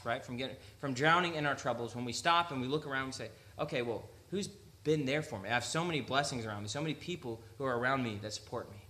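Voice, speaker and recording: Bright-voiced young man preaching casually. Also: on the high side. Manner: conversational, joking asides, acts out quotes in voices. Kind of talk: casual sermon reading and explaining scripture. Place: church sanctuary.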